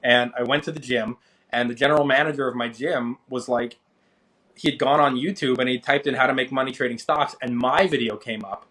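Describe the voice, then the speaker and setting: Guest: thirties man, casual storyteller, lively when quoting others. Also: fairly quick. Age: 30s. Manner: animated, acts out quoted people with rising pitch. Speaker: interview guest, finance creator.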